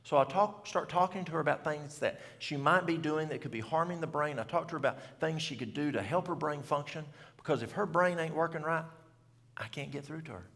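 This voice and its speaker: A man's voice: on the high side, brisk, gravelly, a bit bright, big-room sound. A man, telling a story in a folksy, country way at a church event and asking the audience questions. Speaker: health speaker. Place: church hall.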